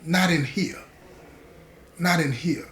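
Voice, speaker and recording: A man's voice: slow, roomy sound, slight background noise. Streetwise man telling a prison story. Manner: streetwise, earnest, addresses listeners directly; drops softer and lower as the story turns grave. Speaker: storyteller host. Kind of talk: spoken storytelling to viewers.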